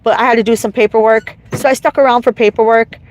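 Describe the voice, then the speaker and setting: A woman's voice: on the high side, fairly even intonation, quick pace, poor audio. A woman venting in an emotional, profane, rambling livestream monologue while driving. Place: inside a car, driving. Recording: car noise behind. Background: road and car noise.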